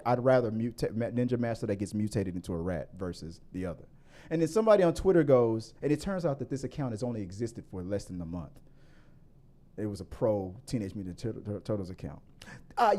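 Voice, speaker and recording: A man hosting a casual movie talk show, rambling with many restarts and growing more animated as he argues his point. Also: mid-range voice. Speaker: podcast host.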